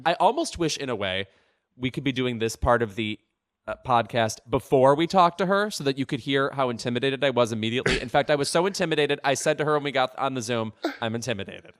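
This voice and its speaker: A man's voice: mid-range voice, animated, fast. A man co-hosting a podcast, chatting about pop culture in a wry, sardonic, self-deprecating way. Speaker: podcast co-host. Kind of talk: casual pop-culture chat.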